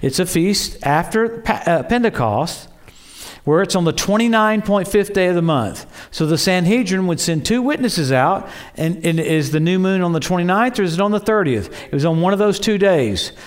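A man preaching a sermon in an excitable storytelling way, acting out quoted voices and exclaiming. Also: sits high, normal speed.

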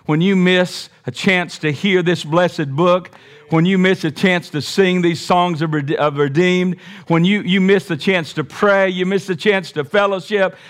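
High-voiced man preaching emphatically. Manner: emphatic preaching with rhetorical questions and call for amen. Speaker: pastor. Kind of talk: sermon.

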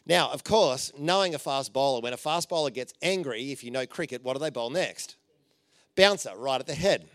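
A man's voice: fairly high pitch, dry recording. Joking, story-driven male preacher. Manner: informal and joking, with many fillers and playful asides; animated storytelling, dropping soft for emphasis. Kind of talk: conversational sermon.

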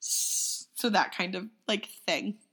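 A woman co-hosting a podcast in casual chat, animated and full of fillers, often slipping into silly voices. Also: medium pitch, slow pace, husky. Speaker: podcast co-host.

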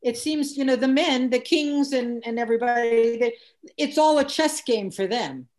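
A woman's voice: a little high, normal speed, a little mellow. A woman in a casual play discussion, earnest and reflective. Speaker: play reading participant.

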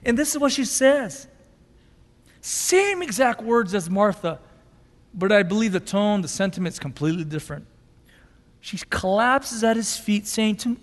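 Male pastor, high voice, emotive sermon delivery, long hall reverb. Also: animated, a little slow, pauses often. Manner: emotive preaching, swinging from loud intensity to quiet softness.

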